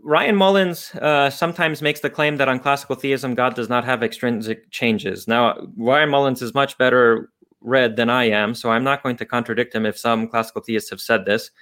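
A man's voice: mid-range voice, fairly even intonation, moderate pace, fairly bright tone. A man explaining philosophical ideas off the cuff as a guest, thinking aloud with frequent restarts and fillers.

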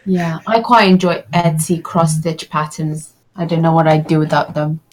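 A woman guest chatting casually on a gaming podcast with quick, offhand remarks. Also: deep voice, steady tone, a little mellow. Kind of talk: casual chat.

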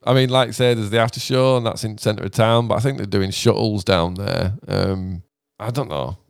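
A British man in loose podcast chat, his low voice smooth and resonant. He swears freely and lets his sentences trail off and restart. The sound is dry and close, with no room around it. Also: fairly even intonation, normal speed, no echo. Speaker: podcast co-host, musician. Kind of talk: casual chat.

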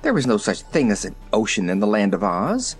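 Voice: sits low, huge pitch swings, fairly quick, husky, faint music behind, pitched below the performer's own voice, heavily acted. A reader voicing a proud, talkative male zebra who speaks in a formal, pompous way in a storybook reading. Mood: indignant. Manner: formal, pompous, easily ruffled.

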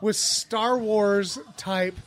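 A man's voice: sits high, steady tone, extremely slow. A man in a casual podcast chat, boisterous and swearing freely.

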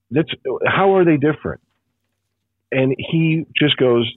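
A man in a casual podcast chat who tells animated stories, acting out what people said. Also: mid-range voice, fairly quick, no room sound. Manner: animated storytelling, acting out exchanges. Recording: dull, dry lo-fi sound.

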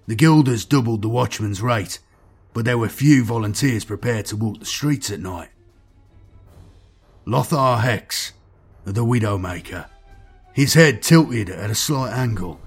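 A man narrating a dark science-fiction story in a measured, grim storytelling manner. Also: fairly low pitch, slightly rough. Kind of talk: scripted dark sci-fi story reading.

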